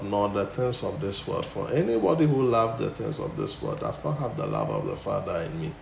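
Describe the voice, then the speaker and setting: Male preacher, low gravelly voice, emphatic sermon delivery, echoey room. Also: very animated, fairly quick, few pauses. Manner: emphatic, rising to loud bursts then dropping low. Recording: echoey room with faint noise.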